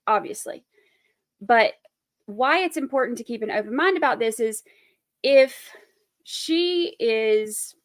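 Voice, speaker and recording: A woman's voice: on the high side, no room sound. Woman, casual stream host, rambling with fillers, dry close mic. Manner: chatty, rambling, many fillers and restarts. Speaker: trial commentary host. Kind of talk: casual live-stream commentary.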